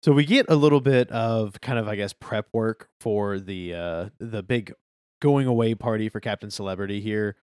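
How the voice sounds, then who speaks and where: Another man co-hosting a podcast discusses manga chapters in a casual, easygoing, agreeable chat, letting his sentences trail off. His voice is on the low side, darkish and smooth, at normal speed, recorded at studio quality with no room sound.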